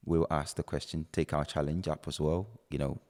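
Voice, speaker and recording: A man's voice: very deep voice, little pitch movement, normal speed, darkish tone. A man hosting a podcast, talking in an earnest, reflective way. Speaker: podcast host. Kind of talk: casual chat. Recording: reverberant room.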